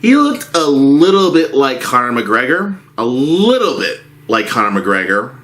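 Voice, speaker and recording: A man's voice: medium pitch, big pitch swings, unhurried, fairly bright tone. A man telling a rambling story from his movie theater job as a casual rant, with frequent restarts.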